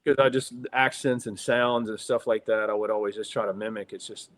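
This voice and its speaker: A middle-aged man with a Southern accent, a guest telling stories in a casual interview, excitable, laughing often and saying "dude" a lot. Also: on the low side, fairly quick. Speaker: guest actor.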